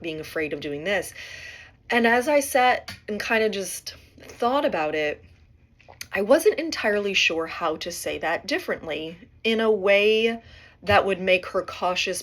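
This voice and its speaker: Middle-aged woman, podcast host, reflective rambling monologue, slightly low voice. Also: expressive, unhurried, fairly bright tone. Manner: musing, rambling, often adds "right?".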